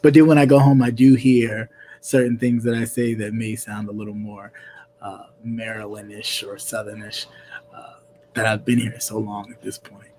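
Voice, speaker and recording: A man from New York hosting a casual chat stream, rambling with lots of fillers and frequent throat-clearing. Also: fairly low pitch, flat delivery, moderate pace, a little mellow, a little hiss or hum. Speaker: host.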